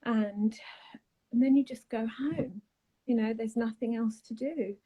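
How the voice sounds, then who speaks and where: A woman, a guest telling a painful personal story in a soft, halting way, often trailing off and starting again. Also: a little high, rough recording. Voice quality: husky, breathy. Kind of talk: emotional personal account on a live chat.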